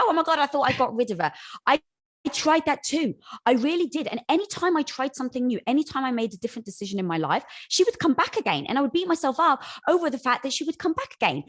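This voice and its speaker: A woman guest in casual chat, giving encouraging advice and addressing the host as "girl". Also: a little high.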